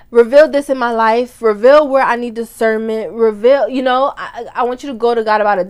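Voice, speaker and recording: A woman hosting a ministry podcast, preaching in a fervent, casual way, repeating phrases for emphasis and talking straight to her listeners. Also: a little high. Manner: talks straight to listeners, calls them "y'all". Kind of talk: casual devotional teaching.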